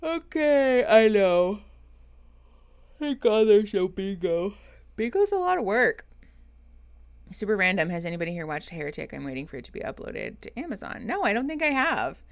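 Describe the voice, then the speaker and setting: A woman's voice: medium pitch, very animated, moderate pace. A woman therapist chatting casually on a live stream, greeting viewers and laughing often. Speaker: therapist streaming reaction show.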